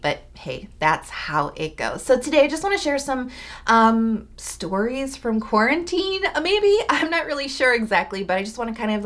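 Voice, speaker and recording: A young woman talking through her morning skincare routine at home in a chatty, rambling vlog, full of fillers. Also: mid-range voice. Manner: bubbly, rambling, lots of fillers. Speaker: beauty vlogger. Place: home, indoors.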